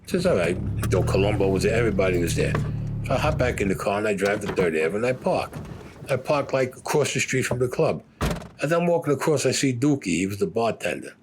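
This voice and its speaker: A man's voice: lowish voice, big pitch swings, fast, background noise. An older man telling his own story bluntly, swearing freely and acting out what others said. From Brooklyn, New York. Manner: blunt, profane, acts out other people's lines. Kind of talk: first-person storytelling.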